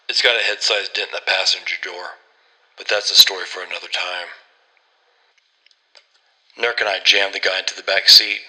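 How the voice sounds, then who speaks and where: A man's voice: sits low, bright, forceful tone, low-quality recording. A man narrating a horror story in a grim, terse first-person voice.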